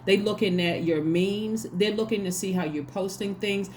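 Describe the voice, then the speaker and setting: A woman's voice: mid-range voice, normal speed, a little mellow, a little hiss or hum. A woman giving a casual tarot reading, talking emphatically and acting out little quoted exchanges. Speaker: tarot reader.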